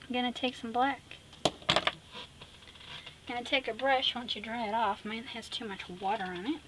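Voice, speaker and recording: A middle-aged woman hosting an art tutorial, chatty and teasing, narrating as she paints and dropping into soft whispered asides. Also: mid-range voice, a little hiss or hum, poor audio.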